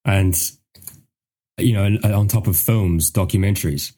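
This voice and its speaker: A man co-hosting a podcast in relaxed casual chat, speaking in a measured way with frequent filler phrases. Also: low-pitched. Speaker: podcast co-host.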